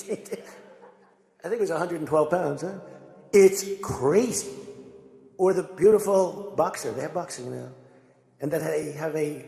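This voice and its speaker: An older man speaks in a rambling, storytelling way, his fairly high voice carrying a gravelly fry. The sound rings out through a large hall with a long, lingering reverb. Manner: rambling, conversational, animated storytelling. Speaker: political speaker. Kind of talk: rambling speech to a crowd.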